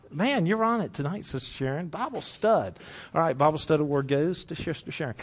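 Leading a Bible study, a man preaches conversationally to a live group, lively and a little fast, joking and asking them questions. For earnest points, he turns soft and low.

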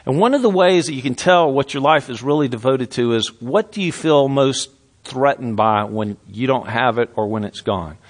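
A middle-aged man preaching a sermon, shifting between relaxed talk and scripture readings. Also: medium pitch, moderate pace. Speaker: pastor.

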